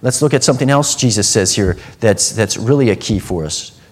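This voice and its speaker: A man preaching a sermon, earnest, dropping to a hushed tone and then rising to emphatic passages. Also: lowish voice, animated, brisk.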